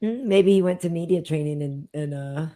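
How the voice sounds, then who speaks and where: A woman's voice: low voice, normal speed, warm tone. A woman from New England hosting a casual podcast, easygoing and agreeable. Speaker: host.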